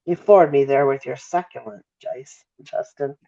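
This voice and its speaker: Speaking haltingly over dull, lo-fi call audio, a middle-aged Midwestern mother breaks off and apologizes during an emotional interview. Her voice is rumbling low and mellow with a gravelly edge.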